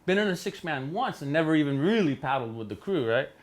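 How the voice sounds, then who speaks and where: A middle-aged man from Hawaii, telling stories in a studio interview with animated delivery, jumping into voices for quoted people. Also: quick pace. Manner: animated, acts out quotes with big pitch jumps. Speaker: interview guest. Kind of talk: storytelling in a casual interview.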